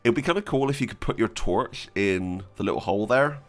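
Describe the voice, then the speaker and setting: A young man chatting casually and excitedly as a streamer, joking and giggling between wishes. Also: on the low side, a little fast. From Britain. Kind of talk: casual gaming chat.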